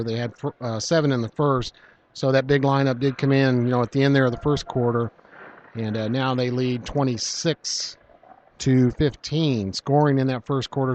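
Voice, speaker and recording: A man calling a high school basketball game, rattling off stats and teasing his partner. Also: a little mellow, muffled recording, a little hiss or hum. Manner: teasing banter, brisk stat rundowns. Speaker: basketball play-by-play announcer. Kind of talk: live game commentary.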